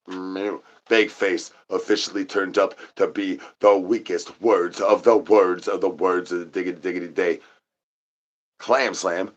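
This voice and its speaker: Man, deep voice, livestream host; silly wordplay, repeated singsong catchphrases. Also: fairly even intonation, a little slow. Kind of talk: rambling goofy livestream chatter.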